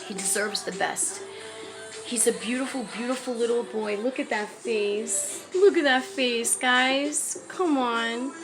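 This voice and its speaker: A mother from New York speaks to camera from a homeless shelter, pleading urgently and sincerely for help in an emotional personal appeal. Her voice is on the high side and slow, and music is clearly audible behind her.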